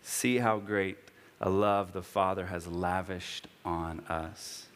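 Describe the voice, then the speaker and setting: Earnest preaching man, lowish voice. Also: fairly even intonation, slow, long reverb tail. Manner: earnest, builds to impassioned high-pitched preaching. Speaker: pastor. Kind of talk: sermon.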